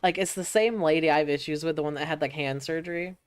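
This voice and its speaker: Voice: medium pitch, quick pace, clear, resonant tone, dry recording. A young adult streamer from Georgia, chatting casually, swearing freely and telling stories. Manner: laid-back, swears freely, tells stories in quoted voices. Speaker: streamer host. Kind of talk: casual chat.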